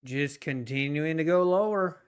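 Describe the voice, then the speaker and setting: A man chatting casually on a live stream about his trading, relaxed and rambling, often poking fun at himself. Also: fairly high pitch, unhurried, smooth. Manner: relaxed, rambling, self-deprecating, chuckles often. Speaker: livestream day trader.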